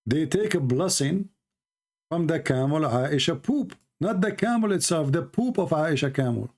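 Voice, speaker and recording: A man's voice: a little high, expressive, normal speed, darkish tone. A man from the Middle East whose first language is Arabic, giving mocking, sarcastic commentary over a video he is playing. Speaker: religious commentator.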